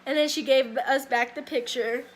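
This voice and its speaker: A woman's voice: high-pitched, fairly even intonation, normal speed. A young woman vlogger telling a casual story time, rambling with many fillers. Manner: rambling, many likes and ums.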